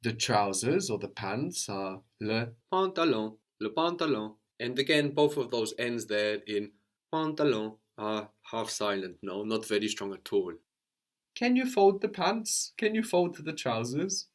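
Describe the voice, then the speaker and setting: A man teaching a language lesson, patient and probing, often checking with a quick "no?". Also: medium pitch, big pitch swings. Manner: patient, prompts with questions, tag "no?".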